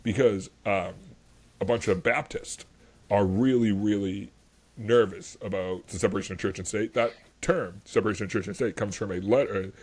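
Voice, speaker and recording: Husky low-voiced man on a history podcast. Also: fairly even intonation, normal speed. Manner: enthusiastic, rambling, lots of fillers. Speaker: podcast host. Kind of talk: casual history podcast chat.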